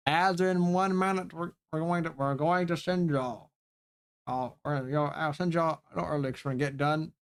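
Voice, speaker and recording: A male livestreamer chatting loosely with his viewers while working through a story game. His speaking voice sits fairly high for a man. He rambles, curses freely, and keeps talking directly to his chat. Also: fairly even intonation, normal speed, clear, resonant tone. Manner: rambling, profane, talks to chat. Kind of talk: casual live-stream chat while reading a game.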